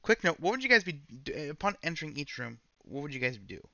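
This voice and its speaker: Bright-voiced man running a tabletop game. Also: fairly high pitch, big pitch swings, fast talker, vocal fry, dry recording, dull audio. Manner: rambling, self-correcting narration. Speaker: game master.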